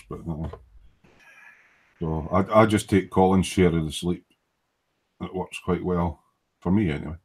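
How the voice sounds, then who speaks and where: Deep-voiced scottish guy chatting at his workbench, swears a lot, jokey and mumbly. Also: a little mellow. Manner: joking, swears often, drifts into muttering. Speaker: host of a live model-making stream. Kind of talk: casual late-night chat while building a kit. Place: at a hobby workbench.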